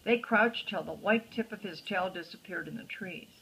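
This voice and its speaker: Older woman, husky, storybook read-aloud with friendly asides to a young listener. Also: fairly low pitch, normal speed, poor audio. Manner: gentle, chatty asides to the child. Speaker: storyteller grandmother. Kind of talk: reading a picture book aloud to a child.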